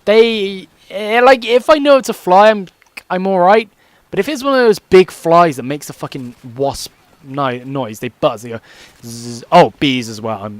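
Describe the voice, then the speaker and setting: A man's voice: mid-range voice, dry recording. A young man rambling casually and swearing freely as he commentates over his gameplay. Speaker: gaming commentator.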